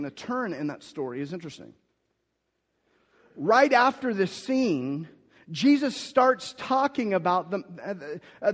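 Animated preacher in a reverberant hall. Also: male voice, a little high. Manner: animated storytelling with sudden swings from loud to hushed. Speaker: pastor. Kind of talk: sermon.

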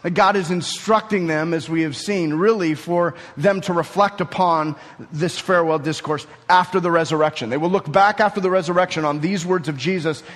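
A man's voice: a little fast, a bit bright. Preaching man in a reverberant hall. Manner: teaching, building to emphatic high peaks. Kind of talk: sermon.

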